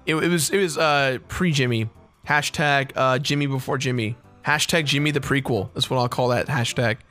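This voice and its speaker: A man's voice: mid-range voice, normal speed, bright, forceful tone, faint music behind. A man in his twenties, a let's play host, casually telling a story with lots of laughing and swearing. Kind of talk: casual storytelling over gameplay.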